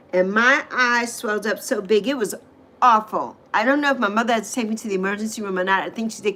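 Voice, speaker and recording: A middle-aged woman, hosting a casual livestream, chatting animatedly and reacting to viewer comments with emphatic exclamations. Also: fairly high pitch. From U.S. Virgin Islands. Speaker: livestream host.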